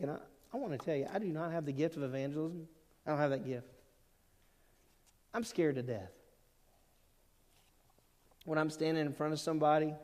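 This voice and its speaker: Preaching man in echoing church hall. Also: on the high side. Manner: earnest preaching with rising emphatic peaks and quiet asides. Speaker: pastor. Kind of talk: sermon. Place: church sanctuary. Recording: long reverb of a church hall.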